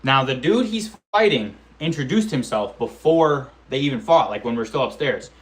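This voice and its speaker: A man's voice: mid-range voice, moderate pace. Young guy in his 20s rambling through a fight story, lots of slang and swearing, acts out the sounds. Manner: animated, slangy, profane storytelling with acted-out quotes and sound effects. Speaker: amateur MMA fighter vlogger. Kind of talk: casual storytelling vlog.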